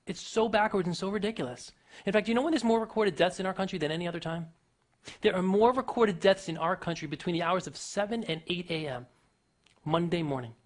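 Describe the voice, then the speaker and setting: A man giving a motivational talk to an audience, emphatic and full of rhetorical questions, swinging his pitch and loudness. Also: brisk. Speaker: motivational speaker.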